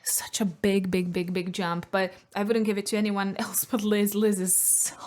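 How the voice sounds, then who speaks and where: A woman's voice: medium pitch, level tone, normal speed, a little mellow. A woman vocal coach giving analytical reaction commentary on singing technique, sometimes singing short demonstrations.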